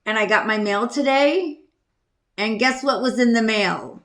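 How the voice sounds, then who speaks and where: A woman's voice: fairly high pitch, measured pace, reverberant, very noisy. A woman hosting a podcast, telling a casual story in a chatty, self-deprecating way, laughing often and trailing off with ums. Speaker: podcast host.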